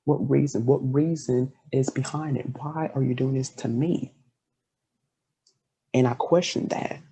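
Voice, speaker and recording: A man's voice: medium pitch, steady tone, a little slow, mellow, breathy edge. A man hosting a podcast, chatting with a guest in an earnest, heartfelt way. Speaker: podcast host. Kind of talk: casual interview chat.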